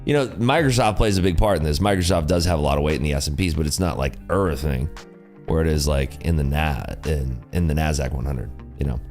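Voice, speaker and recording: A man's voice: rumbling low, a little fast, darkish tone, faint music behind. A man hosting a day-trading livestream, talking casually and rambling through market chatter with lots of "like" and "you know".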